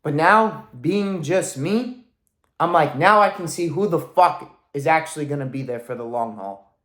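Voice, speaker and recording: A man's voice: a little high, animated, measured pace, fairly bright tone, echoey room. A man in his thirties ranting in a motivational vlog, intense and emphatic, swearing constantly as a coach. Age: 30s. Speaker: weight-loss coach.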